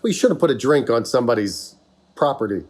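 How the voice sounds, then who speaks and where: A man's voice: medium pitch, animated, quick pace, darkish tone. An American man co-hosting a podcast, chatting casually and telling rambling, jokey stories. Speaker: podcast co-host. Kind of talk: casual chat.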